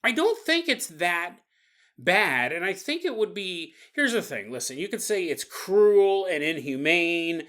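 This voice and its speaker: Animated, laughing male podcast host. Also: high voice, a little slow. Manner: animated, laughs often, acts out voices. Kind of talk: comedic riffing monologue.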